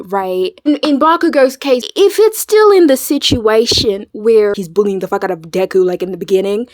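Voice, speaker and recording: A woman chatting casually in a reaction video, animated and slangy, swearing freely. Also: fairly high pitch, dry recording, studio quality. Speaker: video creator.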